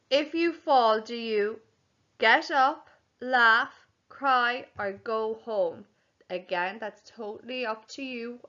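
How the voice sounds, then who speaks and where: A woman teacher talks young children through their lessons slowly and clearly, with a bright, crisp tone. Her voice sits fairly high and keeps a patient, sing-song rhythm as she spells words out. The recording sounds a bit dull and muffled. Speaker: primary school teacher.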